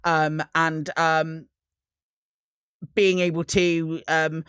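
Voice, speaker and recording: A woman's voice: deep voice, level tone, extremely slow, a bit bright, smooth, dry recording, studio quality. A woman hosting a casual podcast chat, rambling with many restarts and ums. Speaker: host.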